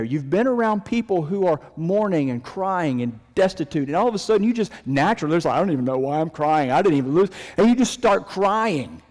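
Man, pastor, sermon, slightly high voice, dynamic delivery from emphatic to hushed, reverberant church sanctuary. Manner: dynamic delivery, swinging from raised emphasis to near-hushed lows.

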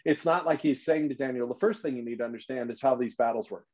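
A man's voice: mid-range voice, quick pace. A man leading a casual Bible study, talking emphatically and thinking aloud as he explains. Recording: slightly dull lo-fi recording.

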